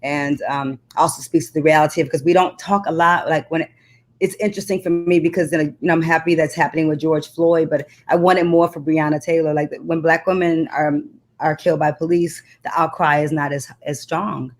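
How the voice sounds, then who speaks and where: A woman's voice: low-pitched, fairly even intonation, fairly quick. A woman poet who recites spoken-word poetry with repeated refrains, then talks earnestly and reflectively as an interview guest. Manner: earnest, reflective conversational talk.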